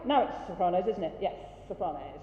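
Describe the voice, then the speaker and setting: A woman's voice: on the low side, lively intonation, background noise. Woman coaching a choir in a hall. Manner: encouraging, brisk, demonstrates sounds. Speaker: choir director. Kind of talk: rehearsal coaching. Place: large rehearsal hall. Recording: dull roomy hall recording, faint ambience.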